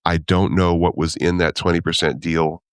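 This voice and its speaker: Deep-voiced man chatting casually. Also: level tone, normal speed, clean tone, dry recording, clean studio sound. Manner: easygoing, laughs often, thinks aloud. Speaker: podcast co-host. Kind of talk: casual chat about comic strips.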